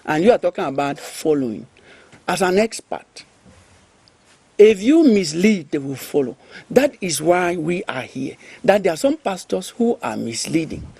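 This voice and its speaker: Gravelly talk show host. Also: male voice, high voice, unhurried, no echo. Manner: pressing, questioning, asks for calm turn-taking. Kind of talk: moderating a panel debate.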